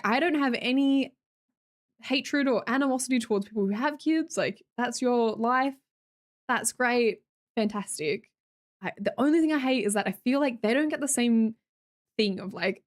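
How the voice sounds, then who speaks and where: A woman's voice: a little high, moderate pace. A young Australian woman streamer chatting casually with her viewers, blunt and sweary, laughing often.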